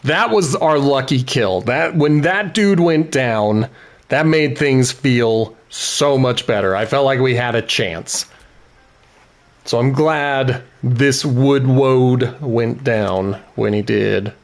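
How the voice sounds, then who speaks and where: A man's voice: medium pitch, takes it slowly. A man giving let's-play commentary, thinking aloud about tactics and cheering on his party members. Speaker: gaming video host.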